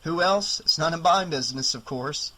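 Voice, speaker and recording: A man's voice: fairly high pitch, moderate pace, sharp tone, low-quality recording. A man reading an audiobook, voicing a tired, kindly middle-aged male doctor who talks plainly and reluctantly. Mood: weary.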